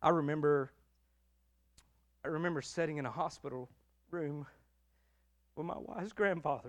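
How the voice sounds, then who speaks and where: A middle-aged man preaching a sermon as pastor, emotional and emphatic, swinging between loud declarations and hushed passages. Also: fairly high pitch, normal speed, pauses often.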